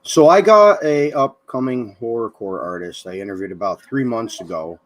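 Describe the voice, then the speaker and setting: A man's voice: medium pitch, lively intonation, moderate pace, dry recording. A man hosting an online radio show in a casual interview chat, upbeat and slangy. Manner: upbeat, slangy, says "hell yeah". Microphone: streamed video call.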